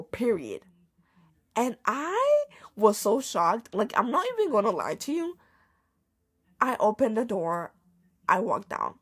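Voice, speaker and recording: A woman's voice: medium pitch, husky. A young woman hosting a podcast, telling a casual storytime rant with slang and swearing. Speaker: podcast host.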